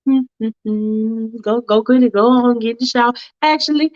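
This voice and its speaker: A woman voicing a caring mother who soothes her daughter in a gentle, reassuring way. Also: on the high side, a little slow, lo-fi sound, faint music behind, lightly acted. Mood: soothing.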